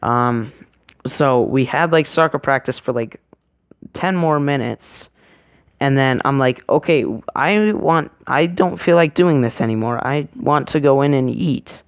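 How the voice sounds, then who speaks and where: Male vlogger, mid pitch, smooth voice, rambling chatty delivery that keeps correcting itself, dry close sound. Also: a little slow, dry recording. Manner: rambling, hesitant, full of fillers and self-corrections. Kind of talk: casual storytelling vlog.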